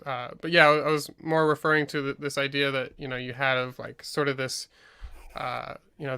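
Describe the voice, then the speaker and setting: A man's voice: mid-range voice, pushed and bright, clear, resonant tone. A man hosting an interview, asking long, rambling questions full of hesitations and fillers. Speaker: interview host. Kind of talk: casual interview talk.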